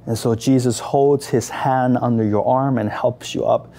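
A man's voice: mid-range voice, steady tone, normal speed, gravelly, mellow. A man leading a guided imaginative meditation, telling the story emotively in the second person. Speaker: prayer leader.

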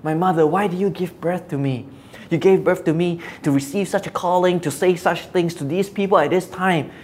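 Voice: medium pitch, normal speed, darkish tone, slight background noise, close to an everyday voice. A preacher voicing a weary, frustrated prophet, an adult man, in a lamenting, pleading way. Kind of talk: Bible teaching with spoken quotes.

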